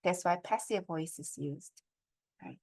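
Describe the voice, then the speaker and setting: A woman's voice: on the low side, unhurried, a little mellow. A middle-aged woman gives a step-by-step lecture on academic writing and keeps checking in with her audience through questions.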